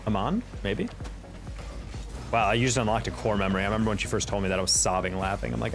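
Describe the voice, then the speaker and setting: A man's voice: on the low side, fast talker. A young man streaming a game, chatting casually with his viewers and telling stories with a laugh. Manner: chatty, storytelling, laughs often. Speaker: streamer answering chat. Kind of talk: casual livestream chat while gaming. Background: faint music.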